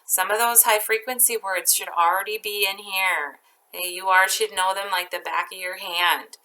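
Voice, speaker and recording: A woman teacher slowly dictating a spelling test to her class, stretching out each word and sentence. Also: medium pitch, steady tone, pushed and bright, poor audio.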